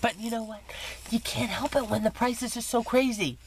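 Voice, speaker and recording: A woman's voice: a little high, normal speed, slight background noise. A woman vlogger chatting casually as she shows crafting mail, gushing and teasing herself while getting over an illness. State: recovering from illness, coughing. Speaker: scrapbooking vlogger. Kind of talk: casual chat showing mail.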